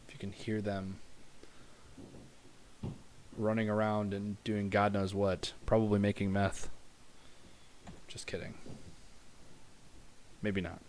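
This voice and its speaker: A man developing a game, chatting casually on a livestream from home as he works, relaxed and thinking aloud into a close desk mic. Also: lowish voice, slow, pauses often, slight background noise. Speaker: game developer and animator streaming his work. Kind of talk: casual livestream work talk. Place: home room with noisy neighbors upstairs.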